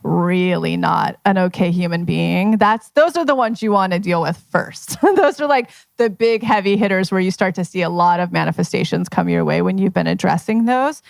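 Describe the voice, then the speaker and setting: A woman's voice: on the low side, moderate pace, gravelly, few pauses, no echo. A woman manifestation coach talking casually to a live audience, telling stories in a chatty way full of fillers. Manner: chatty, filler-heavy, storytelling. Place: live event at a members' club.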